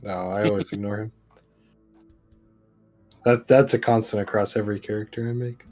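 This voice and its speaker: A man playing in a tabletop game, chatting in quick, excitable banter. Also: on the low side, faint music behind. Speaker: player. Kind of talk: casual tabletop game chat.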